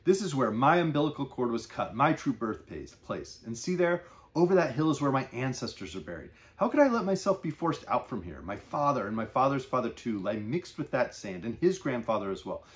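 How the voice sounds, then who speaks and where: A man's voice: mid-range voice, big pitch swings, a little fast, pitched above the performer's own voice, natural voice. A man reading as Araz, a defiant proud fisherman. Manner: firm, impassioned declaring.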